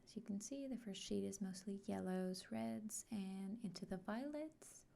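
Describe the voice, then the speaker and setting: A woman hosts an unboxing vlog in a soft, often whispered voice. She speaks slowly and gently, and her voice is mellow and dark, with a gravelly fry at its edges. Her pitch sits in an ordinary middle range. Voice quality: frequently whispered. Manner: slow, gentle and soft-spoken. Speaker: art vlogger.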